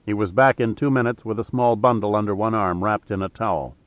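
A man reading an adventure novel aloud as scripted narration, in a steady, even storytelling manner. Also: lowish voice, a little fast, no room sound. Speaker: audiobook narrator. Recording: dry, tinny phone-like sound.

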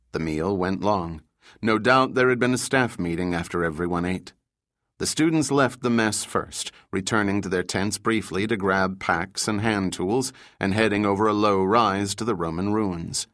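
A man reading a thriller audiobook in steady, measured scripted narration. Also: on the low side, no room sound, clean studio sound.

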